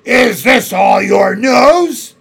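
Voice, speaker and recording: A man voicing a cruel, imperious witch queen who shouts her words slowly and menacingly. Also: extremely high pitch, lively intonation, creaky, pitched above the performer's own voice, full character voice. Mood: cold fury.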